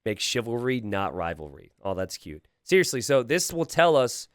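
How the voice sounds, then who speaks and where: Lively, animated male game commentator. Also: mid-range voice, clear, resonant tone, dry recording, studio quality. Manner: animated, excitable, quick to laugh and exclaim; chatty, asks the viewers questions. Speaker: game commentator and channel host. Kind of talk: casual gameplay commentary.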